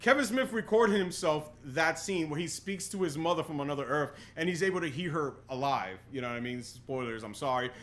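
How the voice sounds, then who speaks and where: A young man hosting a podcast in casual chat, excitable and full of "yo", often restarting his sentences. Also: on the high side, fairly quick, few pauses. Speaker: podcast host.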